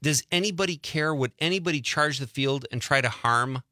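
A man's voice: mid-range voice, a little fast, no echo, clean studio sound. A man with a Wisconsin accent hosting a casual radio talk show, reading listener messages and telling jokey stories. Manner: animated, jokey storytelling.

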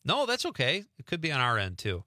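A man's voice: medium pitch, wildly swooping pitch, quick pace, bright, forceful tone, no echo, clean studio sound. A man hosting a radio show in casual chat, talking loosely and laughing easily. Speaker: radio host.

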